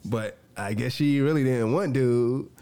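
A man hosting a podcast, telling a personal story in a casual, animated way, acting out what people said and laughing often. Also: mid-range voice, measured pace, clear, resonant tone. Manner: animated, acts out quoted lines, laughs often. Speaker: podcast host.

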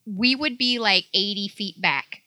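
A woman's voice: medium pitch, a little slow, bright, forceful tone, dry recording. A woman in casual chat who jokes and mocks other people's lines. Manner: joking, mocking others' words in quoted voices.

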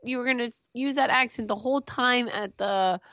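A woman's voice: fairly high pitch, fairly quick, sharp tone, no echo, highs cut off. A woman co-hosting a podcast with her husband, laid-back and teasing, peppering her talk with "like". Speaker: podcast co-host. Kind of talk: casual chat.

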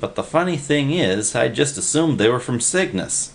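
A man's voice: medium pitch, expressive, normal speed, creaky, pitched above the performer's own voice. Male narrator as a patronizing park-bench drifter, drawling and worldly.

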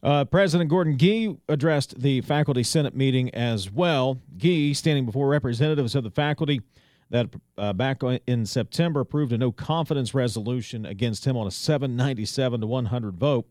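A man hosting a radio news program, recapping a meeting in a measured way with frequent pauses and "uh" fillers. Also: mid-range voice, darkish tone, dry recording, clean studio sound.

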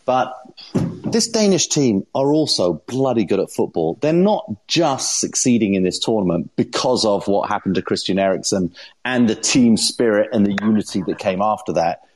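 Earnest man with a lowish voice. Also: lively intonation, darkish tone. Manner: earnest, measured, analytical. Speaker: podcast co-host. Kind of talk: football analysis chat.

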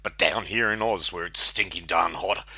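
A man's voice: deep voice, moderate pace, gravelly, pushed and bright, slightly rough, dry recording, exaggerated voice. A man voicing a weary, sweaty old Santa, lamenting in a rhyming poem. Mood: woeful.

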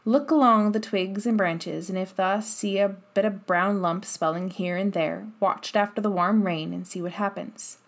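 A woman's voice: mid-range voice, steady tone, close to an everyday voice. A woman doing Ben Weatherstaff, a grumbling old gardener. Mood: instructive. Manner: slow, grunting, cross. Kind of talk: audiobook character voice.

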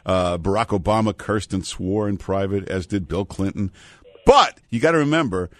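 A man's voice: deep voice, moderate pace, dry recording. A male radio talk show host taking calls, blunt and opinionated, wandering into asides. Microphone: studio microphone.

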